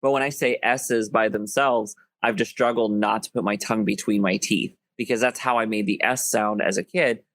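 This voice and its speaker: A man's voice: fairly low pitch, steady tone, normal speed, hardly any pauses, a bit bright, dry recording. Man, Southern US twang, nasal, effeminate lilt; candid podcast chat, dry close recording. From US, Ohio and Florida. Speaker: podcast co-host. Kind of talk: casual chat.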